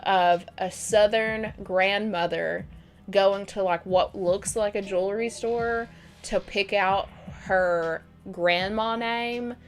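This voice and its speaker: A woman's voice: mid-range voice, steady tone, slow. A young woman streamer rambling through casual stories while gaming, laughing often, with game music playing behind. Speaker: live streamer. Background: video game music.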